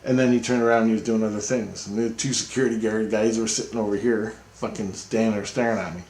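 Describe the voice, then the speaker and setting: A man's voice: lowish voice, steady tone, fast, darkish tone, reverberant. A man telling a rambling personal story in a casual, profane way, laughing often as he talks.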